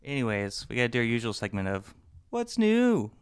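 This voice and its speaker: A man hosting a podcast in a casual chat, relaxed and loose with many fillers. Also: medium pitch, brisk, heavy background noise. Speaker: podcast host.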